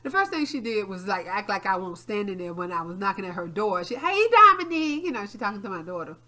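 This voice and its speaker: A woman co-hosting a podcast, telling a story in casual chat and acting out quotes loudly, with frequent laughs and swearing. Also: medium pitch, fast. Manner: animated, acts out quotes loudly. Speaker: podcast co-host.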